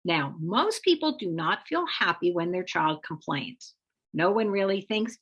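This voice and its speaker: A woman presenting an instructive webinar talk as a parenting expert, speaking in a measured, explanatory way. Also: on the low side, animated, fairly bright tone, husky, lo-fi sound. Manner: measured, explanatory, acts out example phrases for parents.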